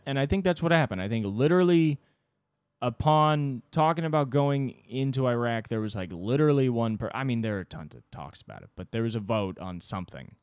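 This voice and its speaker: A man's voice: mid-range voice, animated, fairly quick, darkish tone, clean tone, dry recording. A man hosting a solo podcast, ranting casually and profanely at a microphone. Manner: casual, profane, rambling rant. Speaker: podcast host. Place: indoors, mowing heard outside.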